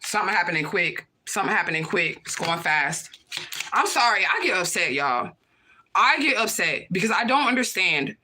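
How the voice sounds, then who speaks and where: A woman's voice: on the low side, animated, moderate pace, background noise. A woman hosting a livestream, talking to her viewers in a heated, profane, confrontational rant and repeating her points. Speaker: livestream host.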